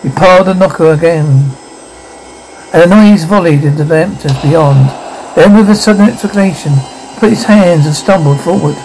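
Gravelly-voiced man reading a story. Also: a little high, normal speed, slight background noise, rough recording. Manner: steady reading with small slips. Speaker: narrator. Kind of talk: storybook narration read aloud.

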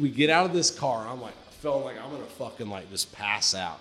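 A man of middle pitch telling a story on a casual podcast, loose and profane. He keeps saying dude, and his voice jumps way up when he acts out his own panicked lines. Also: lively intonation, fast, a bit bright. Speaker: podcast co-host.

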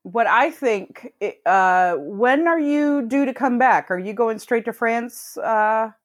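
With a fairly high, expressive voice, this podcast co-host talks slowly through casual stories, swearing plenty and laughing often. The audio is studio quality with no echo.

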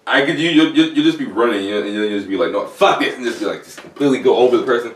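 A man's voice: mid-range voice, rapid-fire, a little hiss or hum. A man in a casual chat with friends, reading out questions, rambling and swearing as he thinks aloud. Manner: rambling, swearing, breaks into silly voices. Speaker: question reader in a group chat. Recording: echoey room, from far off.

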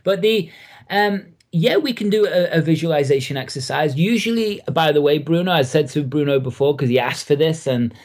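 A man with an English accent, a coach speaking as a guest on a podcast interview with enthusiastic, animated delivery. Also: on the high side, moderate pace.

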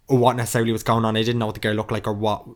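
A man's voice: lowish voice, level tone, racing, a little mellow. A young man with a Dublin accent, co-hosting a casual podcast chat and rambling through a story while acting out what people said. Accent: Irish, Dublin. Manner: rambling storyteller, acts out quotes. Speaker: podcast co-host.

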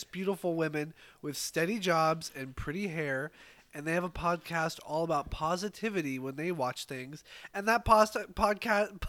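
Guy with a high voice on a home podcast, swears a lot, laughs, trips over words. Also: fairly bright tone. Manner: rambling, profane, laughs a lot, stumbles on words. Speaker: podcast co-host. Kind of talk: casual chat. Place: home, indoors. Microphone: podcast mic.

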